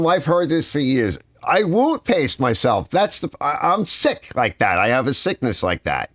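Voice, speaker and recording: An older man hosting a live stream from his garage, chatting casually and telling rambling, animated stories. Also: medium pitch, normal speed, hardly any pauses, dry recording, clean studio sound. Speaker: livestream host. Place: home garage.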